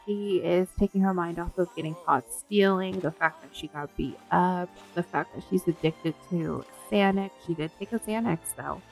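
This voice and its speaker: A woman hosting a let's play, commenting in an excitable, giggly and crude way. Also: fairly low pitch, normal speed, gravelly, few pauses, faint music behind. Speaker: gaming video host.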